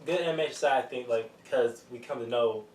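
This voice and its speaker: A man's voice: mid-range voice, a little hiss or hum. A man on a podcast panel, weighing in hesitantly with ums in casual film discussion. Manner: hesitant, fills pauses with um. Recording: roomy room, distant mic.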